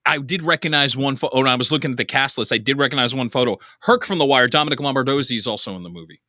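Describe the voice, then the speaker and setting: A bright-voiced man with a New Jersey accent hosts a casual interview podcast. He talks in a chatty, animated way and laughs easily. His voice sounds dry and close to the mic. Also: mid-range voice, racing, no room sound. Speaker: podcast host.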